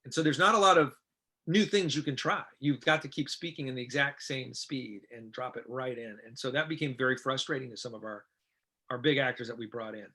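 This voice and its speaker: Middle-aged guy telling stories in an interview, bright punchy voice, acts out everyone's lines. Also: medium pitch, brisk, husky. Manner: animated, quotes others in lively voices. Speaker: interview guest, film director. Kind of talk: casual anecdotal storytelling.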